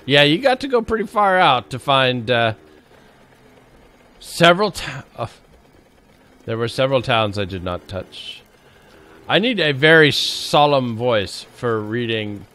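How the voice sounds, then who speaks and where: A man's voice: mid-range voice, big pitch swings, unhurried, long pauses, bright, forceful tone. A man giving jokey, casual commentary while livestreaming a survival game, bantering with his chat. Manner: playful, jokey, talks to chat and to the zombies. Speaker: game streamer. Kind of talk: casual live gameplay commentary.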